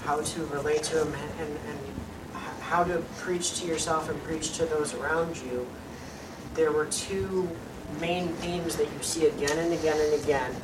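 A man joining a casual Bible study discussion, earnest and measured, pausing and restarting as he speaks. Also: fairly high pitch, fairly even intonation. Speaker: discussion participant. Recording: distant mic, audible room noise.

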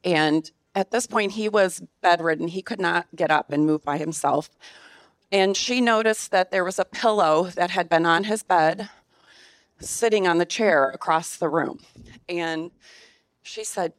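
Low-voiced woman telling a family story. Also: unhurried, dry recording. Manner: emotional, tearful at times. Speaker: class member sharing a story. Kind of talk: personal storytelling.

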